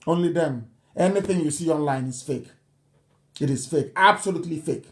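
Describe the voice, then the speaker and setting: A man's voice: on the high side, moderate pace. A Nigerian man hosting a live broadcast, speaking emphatically and repeating his points insistently. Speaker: broadcast host. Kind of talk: live radio broadcast address.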